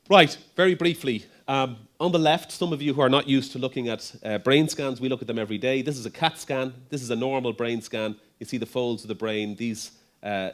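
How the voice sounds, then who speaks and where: Middle-aged man, low voice, chatty conference speaker with ums and asides. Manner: conversational, lots of ums and restarts, light humor. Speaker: neurologist giving a conference talk. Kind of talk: conference presentation.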